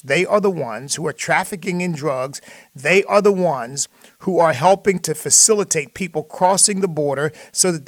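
A man's voice: a little high, a bit bright, no room sound. A middle-aged man hosting a political talk radio show, delivering an emphatic, preacherly monologue into a studio microphone. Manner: preacherly, emphatic, scripture-quoting.

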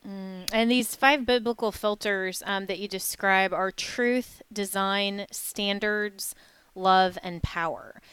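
A woman hosts an interview, asking thoughtful questions and pausing with fillers. Her voice is very clear and smooth. It sounds close and dry, with no room sound. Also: medium pitch, fairly even intonation, fairly bright tone, no echo. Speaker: interview host.

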